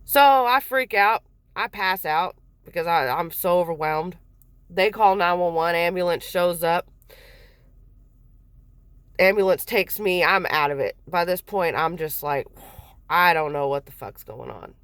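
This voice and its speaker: A woman's voice: on the low side, measured pace, clean tone, no room sound. A mother telling a personal story in a casual, rambling way, swearing freely.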